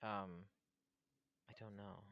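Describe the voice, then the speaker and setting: A young man co-hosting a casual podcast, speaking in a drowsy, deadpan and low-key way. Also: takes it slowly, no echo, highs cut off. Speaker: podcast co-host.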